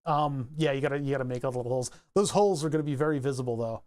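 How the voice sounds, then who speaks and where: A man's voice: mid-range voice, racing, darkish tone. A man with a Philadelphia accent chatting casually on a livestream, rambling through tangents and laughing easily. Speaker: streamer.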